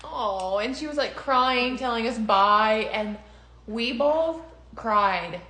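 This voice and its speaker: A woman's voice: on the high side, expressive, slow, bright, forceful tone, echoey room. A young woman in casual conversation, telling a personal story with lots of laughter and quoted voices. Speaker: podcast co-host.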